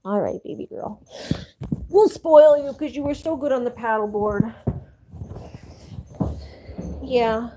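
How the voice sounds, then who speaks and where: Young woman streamer, a bit higher voice, chatty and cooing at pets, constant hiss under the audio. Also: moderate pace, dark tone, poor audio. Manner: chatty, coos to her pets. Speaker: livestreamer. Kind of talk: casual live stream chat.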